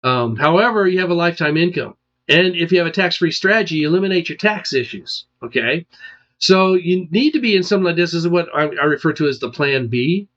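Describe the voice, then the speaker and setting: A man's voice: on the high side, animated, brisk, fairly bright tone. A man, a financial advisor, explaining retirement charts in an emphatic way and checking understanding with "okay?" and "all right?". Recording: dull lo-fi sound.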